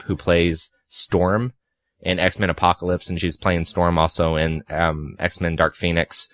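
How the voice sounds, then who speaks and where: Low-voiced man in his twenties, rambling. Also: fairly bright tone, no room sound. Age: 20s. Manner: rambling, filler-heavy, sarcastic asides. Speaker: podcast co-host. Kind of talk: casual podcast chat about movies.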